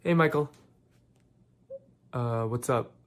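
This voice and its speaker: A man's voice: mid-range voice, slow pace, very noisy, lightly acted. A man playing a laid-back young guy who teases his friend over a call in a short comedy film. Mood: casual. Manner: casual, teasing.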